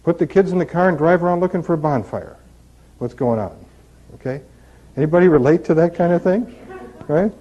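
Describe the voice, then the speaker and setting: Man, recovery talk, candid storytelling, higher voice, dull lo-fi recording. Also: lively intonation, brisk, long pauses, dark tone. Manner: candid storytelling with rhetorical questions. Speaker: recovery speaker.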